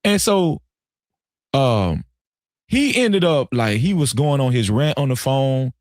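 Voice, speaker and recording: A man telling a story casually on a live stream, animated and profane, often repeating himself. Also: medium pitch, slow, no echo, studio quality.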